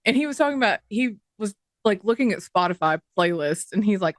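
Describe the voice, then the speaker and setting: A woman's voice: medium pitch, animated, a little fast, few pauses, dry recording, clean studio sound. A woman co-hosting a podcast, telling a rambling funny story and giggling as she quotes others. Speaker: podcast co-host.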